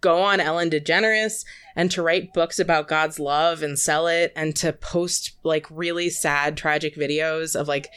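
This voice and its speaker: Smooth low-voiced chatty woman. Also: steady tone, unhurried, a bit bright. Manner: chatty, filler-heavy with lots of "like". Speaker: podcast guest. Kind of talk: casual chat.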